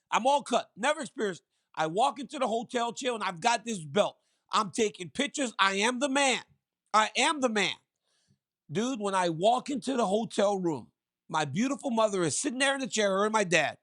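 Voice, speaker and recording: Animated, laughing male storyteller. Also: high voice. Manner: animated storyteller, laughs through his stories. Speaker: co-host. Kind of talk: casual talk show chat.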